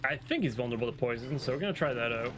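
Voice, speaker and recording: A man's voice: mid-range voice, expressive, very fast, fairly bright tone, a little hiss or hum. A man chatting casually on a game stream, tired and easygoing, laughing and trailing off mid-thought. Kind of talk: casual gaming chat.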